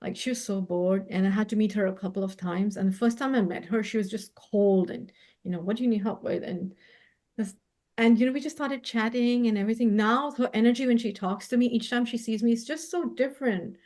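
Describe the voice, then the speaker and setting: A woman, a spiritual healer and co-host, talking in a gentle, effusive way and laughing often in a casual heartfelt conversation over a video call. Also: fairly high pitch, brisk.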